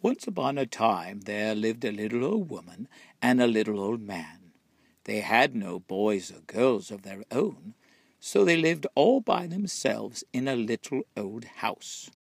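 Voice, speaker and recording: Storybook reader, man, low husky voice, lively melody, very unhurried. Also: no echo. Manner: slow, expressive storytelling. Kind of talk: reading a children's picture book aloud.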